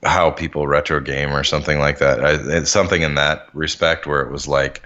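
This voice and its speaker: A man with a very deep voice co-hosting a casual podcast, relaxed and agreeable. His audio sounds dull and lo-fi. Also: brisk, few pauses. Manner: relaxed, agreeable, chimes in with short backchannels. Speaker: podcast co-host.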